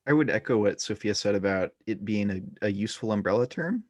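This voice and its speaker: Tired-sounding low-voiced man, dry audio. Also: lively intonation, fast, darkish tone, no echo. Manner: tired, rambling with restarts. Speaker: podcast guest. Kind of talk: casual roundtable discussion.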